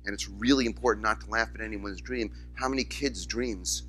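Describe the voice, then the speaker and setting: Bright-voiced man giving a lively keynote. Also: fairly low pitch, brisk, soft background music. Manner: storytelling, animated, acts out quoted voices. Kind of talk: conference keynote speech. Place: conference hall, in front of audience.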